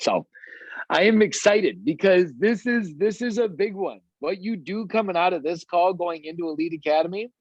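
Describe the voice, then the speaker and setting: Eager rambling man, somewhat high voice, coaching a team over a dull, dry call line. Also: lively intonation, normal speed, dry recording. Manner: eager, rambling, many fillers.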